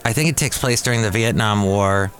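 A man's voice: on the low side, a little fast, fairly bright tone. A man hosting a podcast in a casual monologue who rambles and corrects himself aloud. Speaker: podcast host.

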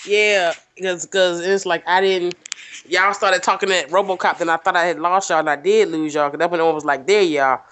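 A woman co-hosting a podcast, playful and teasing, with drawn-out exclamations. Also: on the low side, steady tone, a bit bright. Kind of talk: casual chat.

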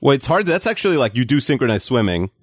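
A man's voice: medium pitch, big pitch swings, fast, breathy edge, no room sound. A man in his forties hosting a podcast, chatting casually with a rambling, hesitant, teasing manner. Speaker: podcast host. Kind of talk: casual chat.

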